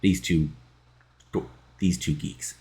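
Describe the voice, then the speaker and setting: A man's voice: deep voice, fairly even intonation, takes it slowly, darkish tone, husky, heavily acted. A man reading out the lines of an arrogant male wrestler sneering at bikers. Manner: sneering, read aloud plainly.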